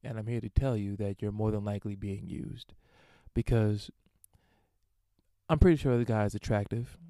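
A man with a low, mellow voice reads out a listener's email and answers it in a blunt, casual way. The recording is close and dry, with no room sound. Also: fairly even intonation, normal speed, dry recording. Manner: blunt, informal, reading and commenting on an email. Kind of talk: casual advice monologue.

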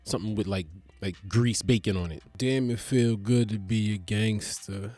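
A man's voice: on the low side, normal speed, darkish tone. A man talking casually in a comedic vlog monologue, rambling and swearing as he jokes. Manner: rambling, profane, joking.

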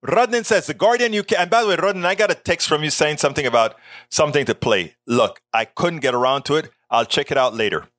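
A man hosting a political talk show, reading news articles aloud and breaking off into animated, sarcastic asides. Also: a little high, fast talker, dry recording. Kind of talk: live-stream commentary reading news.

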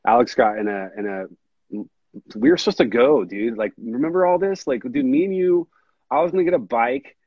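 A man hosting a podcast in casual chat, rambling and earnest, with a husky voice. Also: mid-range voice, brisk, no echo, dull audio. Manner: rambling, earnest, says dude a lot. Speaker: podcast host.

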